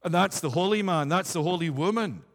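A man's voice: sits high, lively intonation, brisk. A man preaching a sermon, emphatic and building repeated declarations with rising force. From United Kingdom. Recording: long hall reverb.

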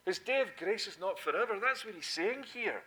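Forceful preacher man, hushed to booming. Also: animated, normal speed, slight background noise, rough recording. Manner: swings between hushed, intimate asides and loud, emphatic proclamation; repeats key points for emphasis. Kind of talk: sermon.

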